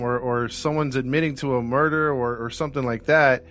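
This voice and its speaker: A man's voice: mid-range voice, fairly quick, hardly any pauses, a bit bright. A man co-hosting a true crime podcast in casual chat, hesitant and self-deprecating, often laughing. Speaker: podcast co-host.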